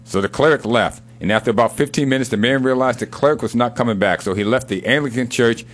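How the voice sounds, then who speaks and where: A man co-hosting a casual show, telling a joke and reading sports history in an unhurried storytelling manner. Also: mid-range voice, a bit bright.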